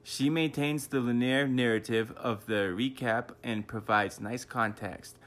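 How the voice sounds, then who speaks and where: Boston-accented man co-host, laid-back and swearing, mid-pitched and casual. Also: fairly even intonation, measured pace, fairly bright tone. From New England. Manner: profane, laid-back joking. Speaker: podcast co-host. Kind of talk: casual chat.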